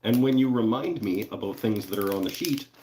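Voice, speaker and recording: A man with a very low voice hosts a casual livestream from his woodworking shop. He talks in a loose, joking way, full of fillers and asides to viewers. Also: fairly quick, a little mellow, slight background noise. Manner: laid-back, joking, lots of fillers and laughs. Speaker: livestream host. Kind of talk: casual livestream chat reading viewer comments.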